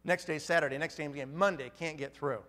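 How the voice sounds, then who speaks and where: A middle-aged man telling a story to an audience, lively and acting out the people in it. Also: a little high, quick pace. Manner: animated, acts out the people in his story. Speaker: business speaker. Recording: long reverb of a large hall.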